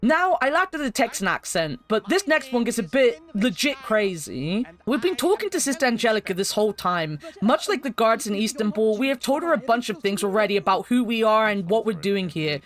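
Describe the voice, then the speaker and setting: A woman's voice: fairly high pitch, sing-song, brisk, hardly any pauses. A woman giving wry, chatty commentary in a retrospective video game review.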